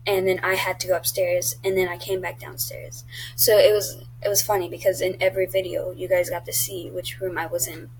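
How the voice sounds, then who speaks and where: A woman's voice: lowish voice, little pitch movement, fairly quick, creaky, slight background noise, low-quality recording. Chatty blunt teenage girl vlogger. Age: teens. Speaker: YouTuber. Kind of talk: casual vlog chat.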